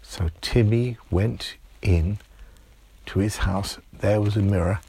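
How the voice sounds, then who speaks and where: A man telling an improvised bedtime story in a lively, playful way. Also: fairly low pitch, takes it slowly, gravelly, breathy edge.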